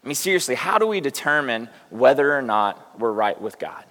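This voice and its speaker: Brisk and sing-song, his mid-range voice fairly bright, a middle-aged male pastor gives a conversational sermon. He tells self-deprecating tales and asks the congregation pointed questions directly. Long hall reverb from the church sanctuary surrounds him.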